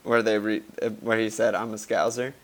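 Male American podcast co-host, foul-mouthed, animated storyteller. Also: fairly low pitch, fairly quick. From United States. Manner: swears often, animated storytelling. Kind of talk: casual football chat.

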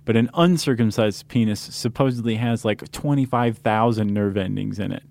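A man's voice: on the low side, normal speed, gravelly, darkish tone, dry recording. A man co-hosting a podcast in casual chat, joking and rambling with lots of fillers and restarts. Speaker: podcast co-host.

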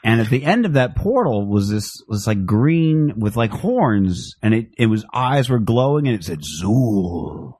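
A man's voice: normal speed, hardly any pauses, no echo. A man chatting casually as a podcast co-host, telling stories animatedly and swearing freely. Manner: animated storyteller, acts out quotes in high voices; swears freely, many fillers. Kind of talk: casual chat.

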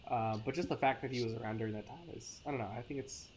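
A man's voice: medium pitch, a crowd in the background. A man co-hosting a casual podcast chat, talking eagerly with many restarts and stumbles. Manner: enthusiastic, halting with many restarts. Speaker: podcast co-host. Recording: dull lo-fi sound with faint noise.

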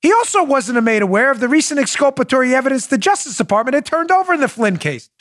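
A man's voice: extremely high pitch, quick pace, no echo, studio quality. A man hosting a political talk show, mocking his targets with sarcasm and acted-out scenes. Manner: sarcastic, animated, acts out scenes.

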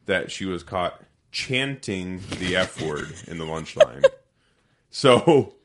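Man, low voice, podcast co-host, casual joking chat, swears freely. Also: lively intonation, slow, background noise.

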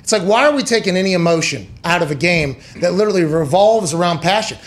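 A man hosting a sports talk podcast with a fairly high voice. He rants and builds his points with heavy sarcasm and swearing, and now and then he puts on mocking voices to make fun of the other side. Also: animated, quick pace. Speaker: podcast host. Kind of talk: sports talk show rant.

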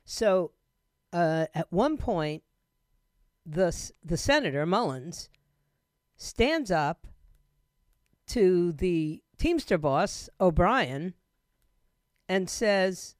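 A woman hosting a talk radio show with a scratchy throat, retelling news in an animated way with laughing asides. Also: medium pitch, takes it slowly, long pauses, dry recording, studio quality.

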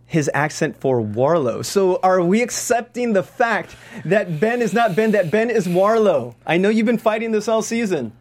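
A man's voice: sits high, expressive, moderate pace, hardly any pauses. A man hosting a TV recap talk show, upbeat and chatty as he leads the discussion. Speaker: host.

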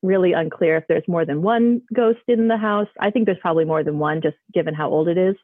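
A woman's voice: fairly low pitch, brisk, no room sound. A woman phones in to share a story, talking casually and rambling with plenty of fillers and restarts. Her voice comes through a narrow, tinny phone line with no room sound at all. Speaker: caller. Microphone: phone call.

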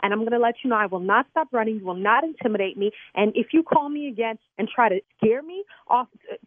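Brief: indignant woman on a phone call, rapid delivery, tinny line. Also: fairly high pitch, expressive, no echo. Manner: indignant, fast, swears when angry. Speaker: prank call target, mother. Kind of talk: heated phone argument. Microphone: telephone.

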